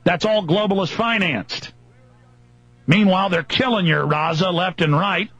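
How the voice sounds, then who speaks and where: A husky, somewhat high-voiced man rants furiously on a talk radio show, stacking mocking, emphatic lists. The sound is dry and close, with the dull, lo-fi quality of an old radio broadcast. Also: unhurried, fairly bright tone, dry recording. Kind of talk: angry political radio rant.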